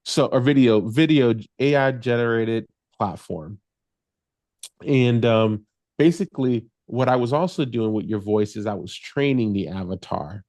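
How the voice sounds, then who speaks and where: A man's voice: medium pitch, unhurried, a little mellow, no room sound. Male tech guest explaining step by step. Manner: explains step by step, laughs easily. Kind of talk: casual podcast chat.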